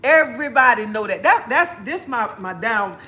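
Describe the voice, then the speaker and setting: A woman's voice: on the high side, expressive, normal speed, sharp tone, slight background noise. A middle-aged woman, chatting bluntly on a livestream and laughing often. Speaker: livestream host. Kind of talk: casual livestream chat.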